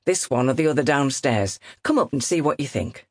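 A woman narrator voicing a brisk, offhand male estate agent in an audiobook. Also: a bass voice, lively intonation, a little mellow, slightly rough, no echo, clean studio sound, full character voice. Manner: brisk and breezy. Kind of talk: audiobook character reading.

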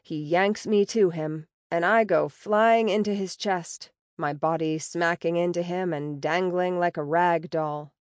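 A woman narrating a story in the first person, with a wry, sarcastic and expressive delivery. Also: fairly low pitch, measured pace, no room sound, studio quality. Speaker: audiobook narrator.

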